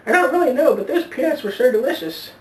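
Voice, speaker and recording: A man voicing a toothless old woman in her eighties or nineties, in a high warbling put-on voice with drawn-out hums. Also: lively intonation. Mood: contented. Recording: roomy echo, far from mic, faint hiss.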